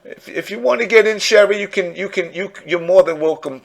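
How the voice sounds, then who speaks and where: A man's voice: fairly quick, vocal fry. A man hosting a talk show, ranting angrily and swearing heavily. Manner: furious, swearing heavily, lively swings in pitch. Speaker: host. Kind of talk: angry profane rant on a talk show.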